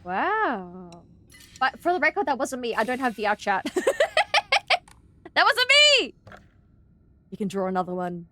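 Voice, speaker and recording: A woman's voice: mid-range voice, animated, a little fast, fairly bright tone, slight background noise. A young woman with an Australian accent, some of her R's sounding a little American, chatting casually and rambling while she streams a game. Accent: Australian, with slightly American-sounding R's. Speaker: VTuber streamer. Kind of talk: casual gameplay chat.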